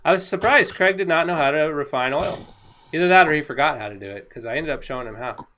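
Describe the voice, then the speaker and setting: A woman talking casually over her own gameplay footage, excitable and rambling, laughing often. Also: low-pitched, fast. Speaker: gaming video creator.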